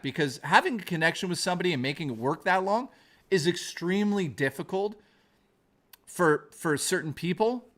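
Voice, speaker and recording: A man's voice: on the high side, fairly bright tone. A man on a live stream ranting in anger, swearing often, then reading his chat aloud. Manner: heated, profane, repetitive ranting.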